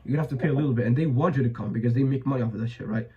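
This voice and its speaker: A man's voice: mid-range voice, very fast, phone-quality sound. A young man giving blunt, profane advice in a casual monologue, full of fillers and restarts, his voice a bit strained. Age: young adult. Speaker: vlogger.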